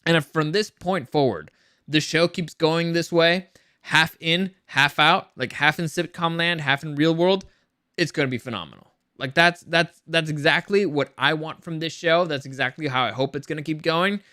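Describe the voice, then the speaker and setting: Excitable man with a bright voice. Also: fairly high pitch, moderate pace. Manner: rambling, many restarts and repeated words; excited, speculative. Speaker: show reviewer. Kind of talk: casual review chat.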